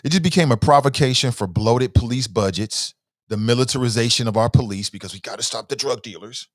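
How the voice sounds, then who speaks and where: A man's voice: mid-range voice, fairly quick, no echo, clean studio sound. A man hosting a talk show in a casual livestream commentary style, reading viewer comments aloud and often starting with "uh", then stressing words as he argues his points.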